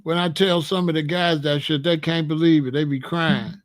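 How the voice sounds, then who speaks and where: A man hosting his own channel, telling a story in a casual, animated and profane way and laughing as he goes. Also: on the high side, normal speed, no room sound.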